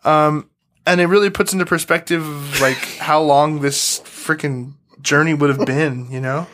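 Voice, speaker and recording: A man's voice: a little high, fairly even intonation, measured pace, fairly bright tone, no echo. A man co-hosting a casual true-crime podcast, talking loosely with lots of fillers, restarts and swearing. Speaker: podcast co-host.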